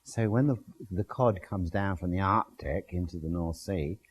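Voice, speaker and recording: A man's voice: low-pitched, normal speed, a little hiss or hum, rough recording. A man giving a classroom lecture with slides, explaining step by step with everyday comparisons.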